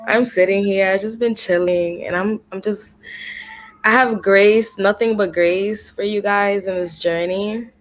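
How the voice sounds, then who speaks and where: A woman guest poet chatting casually and warmly with the hosts, relaxed and quick to laugh. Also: medium pitch. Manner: relaxed, friendly, laughs easily. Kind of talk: casual chat.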